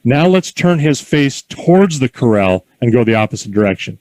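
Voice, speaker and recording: A man giving calm, encouraging instructions in an outdoor horse corral, mixing in folksy stories. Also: medium pitch, normal speed, no room sound, rough recording. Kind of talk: outdoor coaching with anecdotes.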